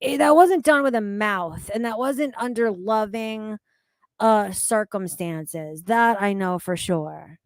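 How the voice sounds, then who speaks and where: A woman's voice: mid-range voice, slow, dry recording, clean studio sound. A woman streaming live, reading chat comments aloud and reacting in a blunt, profane, exasperated way.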